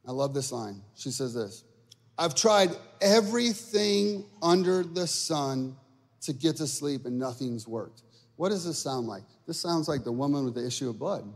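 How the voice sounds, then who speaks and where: A man preaching a sermon in church, swinging from quiet talk to shouting and stretching words out. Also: mid-range voice, normal speed, slightly rough, in a large hall. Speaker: pastor. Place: church sanctuary.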